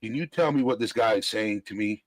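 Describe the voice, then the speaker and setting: A man's voice: lowish voice, brisk, no room sound, poor audio. Man from the South, guest on a livestream, chatty and laughing, dry close sound. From Southern United States. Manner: laughs often, tells stories. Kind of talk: casual livestream chat.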